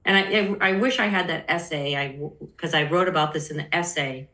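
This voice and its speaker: Candid middle-aged woman, bright voice. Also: deep voice, a little fast. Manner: candid, acts out quoted people in shifting voices. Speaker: podcast guest. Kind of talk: personal storytelling in conversation. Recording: roomy echo.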